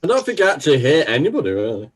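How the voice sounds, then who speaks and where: A man's voice: fairly high pitch, huge pitch swings, racing, a crowd in the background. A middle-aged man joking around in a casual group chat, often laughing. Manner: giggly, joking. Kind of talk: casual banter.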